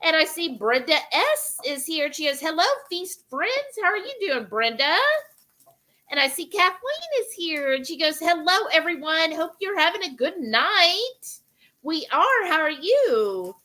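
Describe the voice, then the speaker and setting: High, lively woman hosting a cooking stream. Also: measured pace. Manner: reads viewer comments aloud, greets each by name. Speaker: cooking livestream host reading chat. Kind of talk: casual live-stream chat.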